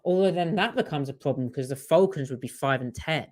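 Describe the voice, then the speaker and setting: A man's voice: on the high side, a little fast, darkish tone. A man co-hosting a livestream sports podcast, chatting in a wry, sarcastic way. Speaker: podcast co-host. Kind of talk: casual livestream sports chat.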